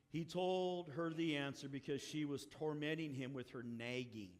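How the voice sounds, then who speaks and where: Male pastor, high voice, lively sermon storytelling, echoey church hall. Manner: animated storytelling, acting out the characters' lines. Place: church sanctuary. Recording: long hall reverb.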